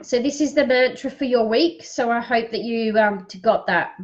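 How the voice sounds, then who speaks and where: A woman's voice: on the high side, normal speed, muffled recording. A woman hosting a live-streamed card reading, calling out viewers by name and reading affirmations aloud, sniffling a little. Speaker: psychic card reader.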